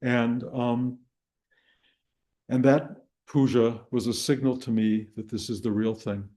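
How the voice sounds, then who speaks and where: Older man telling a story at a retreat, mellow voice. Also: mid-range voice, flat delivery, slow. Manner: rambling storytelling with restarts and chuckles. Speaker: spiritual teacher. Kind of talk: dharma talk to a live and online group.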